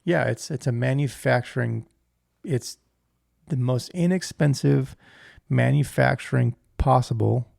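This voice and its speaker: A man's voice: mid-range voice, a little slow, gravelly, darkish tone, dry recording, clean studio sound. A man co-hosting a podcast, giving emphatic opinions with stammering restarts. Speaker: podcast co-host. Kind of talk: casual chat.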